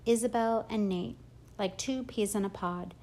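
A woman reading a first-person audiobook in a steady, plain storytelling manner. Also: mid-range voice, normal speed. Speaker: audiobook narrator.

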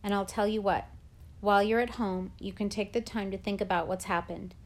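A patient school principal, middle-aged and kindly, speaks in a gentle and reasonable way, voiced by a woman reading aloud. It is a storybook reading with a plain, mid-height voice. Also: mid-range voice, steady tone, brisk, lightly acted. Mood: reassuring.

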